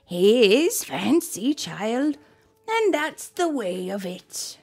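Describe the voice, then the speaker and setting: A woman voicing the oldest Amish woman, a wise, kindly elder who speaks slowly in old-fashioned phrasing. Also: a little high, very animated, breathy edge, pitched above the performer's own voice, full character voice. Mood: reassuring. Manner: slow, gentle, old-fashioned speech.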